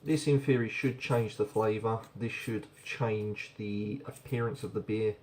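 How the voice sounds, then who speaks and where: A man's voice: fairly low pitch, steady tone, a little slow, a little mellow, slight background noise. A man casually reviewing a beer on camera, chatty and rambling, often repeating words as he goes.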